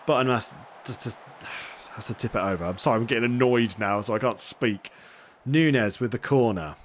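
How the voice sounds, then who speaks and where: A man casually commentating his own football management game, getting excitable and swearing when things go wrong. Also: mid-range voice, normal speed, slight background noise. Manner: excitable, swears when frustrated, self-deprecating asides. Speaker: gaming streamer.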